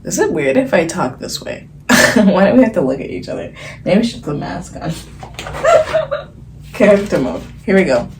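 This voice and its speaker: A woman's voice: on the low side, big pitch swings, fairly quick, a little mellow, a little hiss or hum, rough recording. A woman vlogger channeling late at night at home, rambling dreamily and giggling between thoughts.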